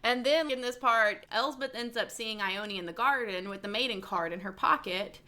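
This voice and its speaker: Bright-voiced young woman co-host, joking. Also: a little high, moderate pace. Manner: joking, self-mocking, laughing. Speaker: podcast co-host. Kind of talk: casual book-club chat.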